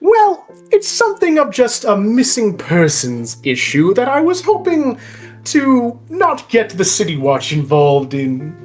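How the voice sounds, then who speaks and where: A woman's voice: a little high, huge pitch swings, measured pace, darkish tone, soft background music, pitched above the performer's own voice. A woman voicing a flamboyant, pompous older man bard who talks in a grandiose, florid, theatrical way. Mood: persuasive.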